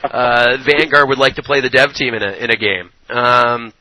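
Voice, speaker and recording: A man's voice: mid-range voice, moderate pace, sharp tone, rough recording. A man hosting an interview, asking long rambling questions with fillers. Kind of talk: casual interview.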